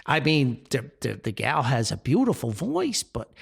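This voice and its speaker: An older man with a gravelly voice hosts a grumpy rant podcast, exasperated and often laughing. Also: mid-range voice, huge pitch swings, unhurried. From Paterson, New Jersey. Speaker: podcast host.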